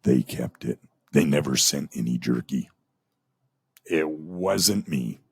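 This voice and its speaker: A man's voice: rumbling low, expressive, slow, vocal fry, slightly rough, no room sound. A middle-aged man, a former radio host, telling a candid personal story in a plainspoken, aggrieved way. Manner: plainspoken, aggrieved, recounts dialogue in quotes.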